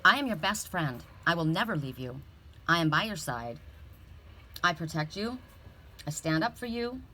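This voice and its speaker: A woman's voice: lowish voice, big pitch swings, moderate pace, pushed and bright, full character voice. Woman speaking as an exasperated snow angel. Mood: reassuring. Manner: earnest and emphatic, repeating herself. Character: peeved female snow angel, devoted and exasperated.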